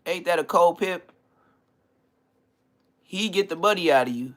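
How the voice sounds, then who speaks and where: A man hosting a podcast, delivering a comedic roast rant full of slang and mocking jabs, swinging between loud outbursts and low muttered asides. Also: lively intonation, unhurried. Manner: trash-talking, heavy slang, mocking. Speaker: podcast host.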